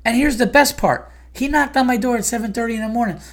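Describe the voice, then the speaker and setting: A man's voice: very high-pitched, fast talker, a bit bright. A comedian and podcast host ranting in a heated, profane, exasperated monologue about his day.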